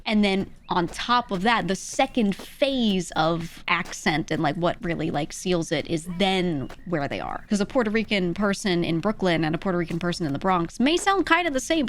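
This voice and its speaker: Animated woman streamer chatting casually. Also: fairly low pitch. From Northeastern United States. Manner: animated, laughs often, puts on accents. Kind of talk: casual chat.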